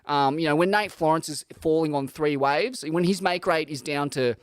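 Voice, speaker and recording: Wry Australian man, higher voice. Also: normal speed, smooth, no echo. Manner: blunt, wry banter with frequent swearing. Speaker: podcast co-host. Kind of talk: casual chat.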